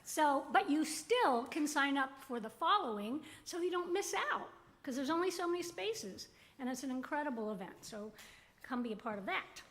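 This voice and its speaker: A woman's voice: high-pitched, animated, moderate pace, a bit bright. A woman giving church announcements in an upbeat, joking way. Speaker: announcements presenter at a spiritual center.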